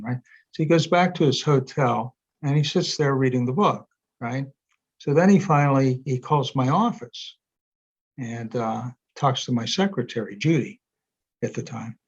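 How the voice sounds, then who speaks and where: A man's voice: medium pitch, creaky, slightly rough. An older man, a guest in an interview, telling long anecdotes with lots of fillers and restarts over a video call. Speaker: interview guest, energy psychology author. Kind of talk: casual storytelling in conversation. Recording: dull lo-fi sound.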